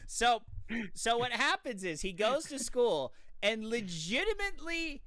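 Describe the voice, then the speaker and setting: An enthusiastic streamer tells a story in casual live-stream chat. The pitch swings widely, and the bright, clear voice carries a lot of energy. The sound is close and dry. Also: sing-song, measured pace, no room sound.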